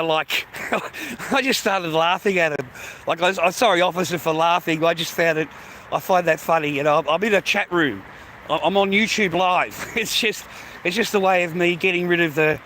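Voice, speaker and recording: High, bright-voiced Australian man ranting. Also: moderate pace, a little hiss or hum. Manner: swearing, griping, laughs often. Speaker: live streamer. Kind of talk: casual livestream rant.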